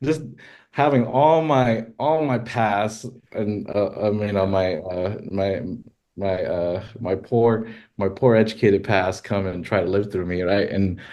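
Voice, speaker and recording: Deep-voiced man telling stories. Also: a little slow. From California. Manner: animated, exclaims in high pitch when quoting himself. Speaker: guest, rodeo filmmaker. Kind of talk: casual storytelling.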